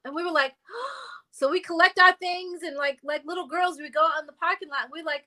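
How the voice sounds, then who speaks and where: A middle-aged woman, a former girl group singer, telling animated stories in a casual interview and acting out the people she quotes. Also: high-pitched, quick pace. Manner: animated storyteller who acts out quotes and sings notes.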